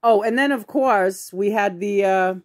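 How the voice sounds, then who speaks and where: At a memorial held in a home, a woman rambles through casual family stories, full of fillers and restarts. Her voice sits at a medium pitch and moves at a measured pace.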